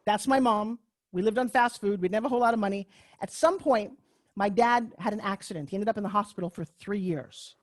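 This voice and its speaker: A middle-aged woman with a Long Island New York accent tells her life story in a personal storytelling talk on a video call, picked up by a computer mic. Her medium-pitched voice has no echo, and she's brash, candid, self-mocking and swears freely.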